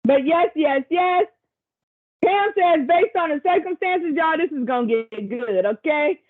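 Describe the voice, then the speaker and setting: Over tinny video call audio, a woman presenter leads an online workshop in a chatty, encouraging way, tossing casual asides to participants. Her voice sits high, with lively intonation and a measured pace.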